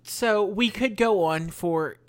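A woman's voice: mid-range voice, slow pace. A woman co-hosting a podcast in casual chat, chatty and wry with self-mocking jokes. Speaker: podcast co-host.

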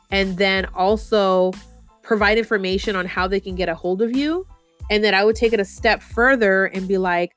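Woman podcast host, laid-back slangy advice delivery, medium pitch, acts out customer quotes. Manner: slangy and chatty, with many fillers like "like" and "you know"; acts out example quotes in the voices of customers and owners. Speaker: podcast host and marketing advisor. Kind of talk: casual advice talk.

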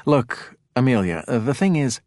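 A man's voice: medium pitch, big pitch swings, moderate pace, darkish tone, dry recording, studio quality, close to an everyday voice. A man reading a novel aloud, voicing an awkward male lab technician who speaks hesitantly and apologetically. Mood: sheepish.

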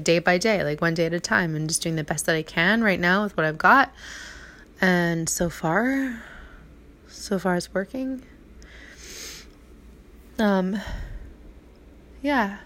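A woman's voice: on the low side, a bit bright. A woman in her thirties talking through a heartfelt, rambling personal monologue at home, full of restarts and "like". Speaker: vlogger. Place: apartment at night.

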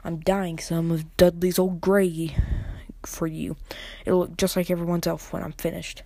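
A woman voicing a sharp-tongued middle-aged aunt who snaps coldly, in a low, mellow voice. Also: little pitch movement, a little slow, gravelly, dry recording. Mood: snappish.

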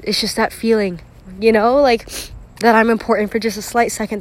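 A young woman with a slightly high voice pours out her thoughts in a raw, unscripted monologue. She rambles, fills gaps with "like," swears freely, and breaks off into sighs and small nervous laughs. She sounds emotional and close to tears. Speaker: vlogger.

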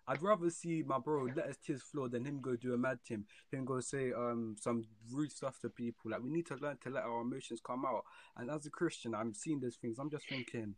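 A man's voice: medium pitch, a little fast. A young man with a London accent, talking passionately and indignantly with street slang during a panel discussion. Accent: London English. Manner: passionate, ranting with slang like "bro" and "innit". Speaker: panel guest. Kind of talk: casual discussion.

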